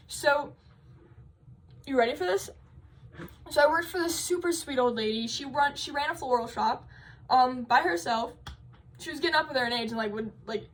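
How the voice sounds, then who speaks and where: A woman's voice: high-pitched, poor audio. A young woman vlogging about college, telling stories in a rambling, emphatic way with lots of fillers. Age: young adult. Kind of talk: casual vlog chat.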